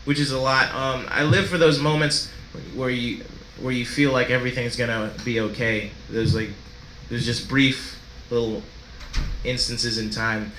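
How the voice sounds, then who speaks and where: Bright-voiced man doing stand-up. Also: medium pitch, echoey room, slight background noise. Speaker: stand-up comedian. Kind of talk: stand-up set. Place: comedy club stage.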